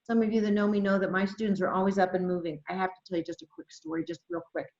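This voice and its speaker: A woman leading an adult education webinar, talking to teachers with lots of excitement and reading chat replies aloud over a computer microphone. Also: mid-range voice, quick pace, vocal fry. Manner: enthusiastic, exclamatory, reads chat aloud. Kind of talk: webinar presentation. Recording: roomy, slightly dull webinar audio.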